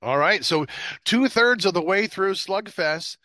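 A man's voice: high-pitched, expressive, unhurried, bright, forceful tone, no echo. A man hosting a casual movie podcast, talking loosely with many restarts. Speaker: podcast host. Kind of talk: casual chat.

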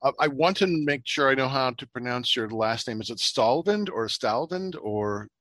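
A man hosting a podcast over a video call, joking in relaxed banter. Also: medium pitch, moderate pace, dry recording. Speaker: podcast host. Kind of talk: casual video call chat.

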